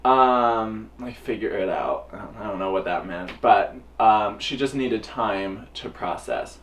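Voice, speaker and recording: A young man and drag performer telling a personal story to camera in a casual, animated way, acting out the voices of others with big jumps in pitch. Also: unhurried, slight background noise. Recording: voice a little distant from the mic.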